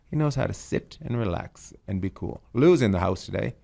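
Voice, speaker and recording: A man's voice: lowish voice, lively intonation, brisk, creaky, darkish tone. A middle-aged man hosting a casual comedic chat, telling rambling stories and swearing freely. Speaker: podcast host.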